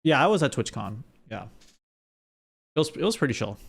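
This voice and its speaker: A man's voice: medium pitch, very animated, normal speed, vocal fry, a bit bright. A man streaming live, chatting casually with his audience and often restarting his sentences. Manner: rambling, with frequent restarts.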